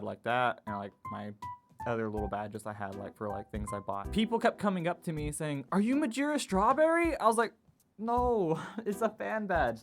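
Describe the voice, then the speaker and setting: A young man in his twenties casually telling a personal story, acting out what people said in a raised, animated voice. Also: mid-range voice. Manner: animated retelling, acts out quotes in a raised voice. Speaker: vlogger. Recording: guitar music playing behind. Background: guitar music.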